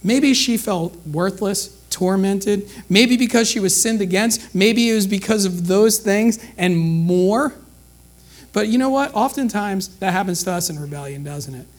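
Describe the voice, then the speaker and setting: A man's voice: sits high, measured pace. A middle-aged man preaching a sermon in a conversational way, full of rhetorical questions to the listeners. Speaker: pastor.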